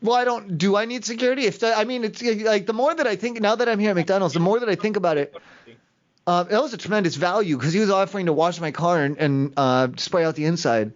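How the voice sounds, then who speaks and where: A man rambles hesitantly through a story on a prank call, his voice pitched high. The sound is dull and lo-fi. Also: quick pace. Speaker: prank caller.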